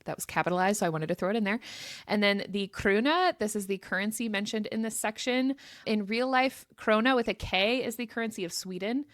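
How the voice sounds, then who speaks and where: A woman co-hosting a casual book podcast reads through a pronunciation guide, chatty and giggly as she goes over names and terms. Her mid-range voice is brisk, recorded at studio quality with no room sound.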